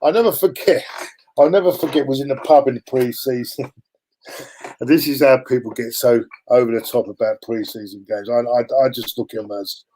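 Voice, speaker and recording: Male guest, mellow and relaxed, lively storyteller in casual banter. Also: mid-range voice, normal speed, poor audio. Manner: animated storyteller, mimics fans, exclaims. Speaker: guest on a live chat show. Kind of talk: casual football chat.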